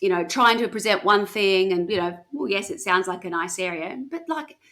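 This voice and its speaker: A woman co-hosts a podcast, telling true-crime stories in a chatty, casual way and laughing often at her own slips, with self-mocking humor. Her voice is medium-pitched, fairly bright, and moderately paced.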